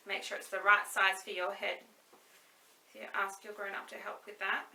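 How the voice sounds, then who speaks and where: Bright, slow-talking children's librarian, a woman. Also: medium pitch, creaky, a little hiss or hum. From Australia. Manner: cheerful, sing-song, playful with children. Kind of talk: online story time for young children. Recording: echoey room, mic at a distance.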